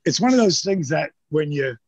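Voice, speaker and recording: A man's voice: fairly high pitch, sing-song, normal speed, slightly rough, no room sound. A man in his sixties, a guest on an interview show, telling stories casually and animatedly with profanity, acting out the voices of people he quotes. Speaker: interview guest, former wrestler. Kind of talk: casual storytelling. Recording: dull lo-fi sound.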